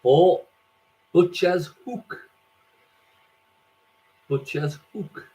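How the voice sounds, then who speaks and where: A man hosting a quiz, reading out scores and questions slowly and repeating each question. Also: on the high side, dark tone, low-quality recording. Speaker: quiz host.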